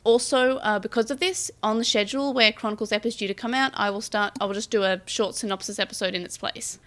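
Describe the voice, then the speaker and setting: A woman's voice: medium pitch, fairly even intonation, fast talker, a bit bright. A woman co-hosting a fan podcast in casual chat, often restarting her sentences. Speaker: podcast co-host.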